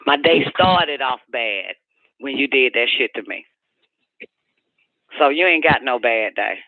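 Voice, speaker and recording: A man's voice: mid-range voice, expressive, unhurried, dry recording. A man voicing a furious woman who rants and curses scornfully at her partner, over a phone-like radio line. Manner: profane, shouting, scornful rant.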